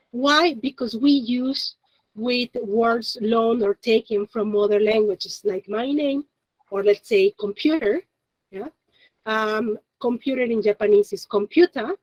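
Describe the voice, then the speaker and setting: A woman's voice: on the high side, dry recording, low-quality recording. Chatty woman teaching a class. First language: Spanish. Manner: chatty, explains step by step, laughs often. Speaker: Japanese teacher. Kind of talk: classroom lesson.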